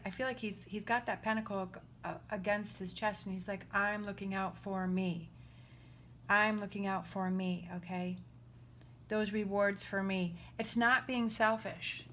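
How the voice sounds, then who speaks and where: A woman's voice: mid-range voice, a little hiss or hum. A woman giving a casual spoken tarot reading, earnest and reassuring, often checking in with the listener. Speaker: tarot reader.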